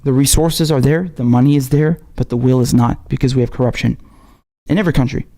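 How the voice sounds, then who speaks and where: A man's voice: medium pitch, warm tone. A man hosting a political commentary show, ranting with heated passion and heavy swearing. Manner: heated, profane, rapid-fire ranting. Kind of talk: impassioned political rant.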